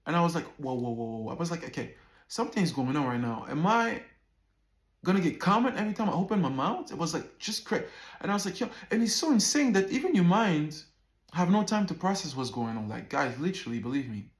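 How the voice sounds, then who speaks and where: A man in his thirties telling a personal story to camera in a casual, animated way, often repeating words and swearing freely. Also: on the high side, a little fast, reverberant. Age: 30s. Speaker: vlogger.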